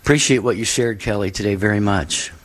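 A man co-hosting a call-in radio show who speaks gently and reflectively, with religious phrasing and frequent fillers. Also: fairly low pitch, a little fast. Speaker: radio co-host.

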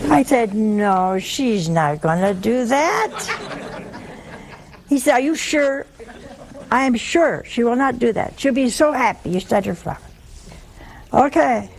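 An older woman preaching on forgiveness, telling wry anecdotes and quoting slowly and deliberately. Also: a little high, lively intonation. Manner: storytelling, slow deliberate quoting, wry humor. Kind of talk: religious talk with anecdotes.

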